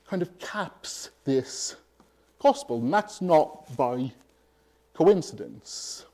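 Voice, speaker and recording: A man preaching a sermon, emphatic and pausing deliberately between phrases. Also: fairly high pitch, animated, mellow.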